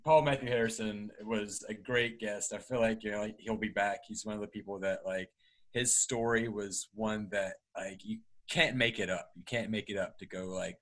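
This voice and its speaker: Man, low pitch, bright forceful tone, podcast co-host, enthusiastic banter. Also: low-quality recording.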